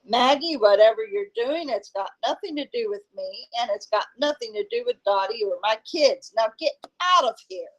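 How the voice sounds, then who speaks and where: A woman's voice: fairly high pitch, animated, normal speed, hardly any pauses, poor audio. A woman reading aloud, voicing a nervous, angry man who speaks in a tense, clipped hiss.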